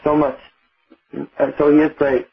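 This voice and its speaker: A man's voice: a little high, flat delivery, a little slow, vocal fry, narrow, tinny audio, soft background music. Man giving a devotional lecture. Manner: explanatory, often checks in with listeners. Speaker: spiritual teacher.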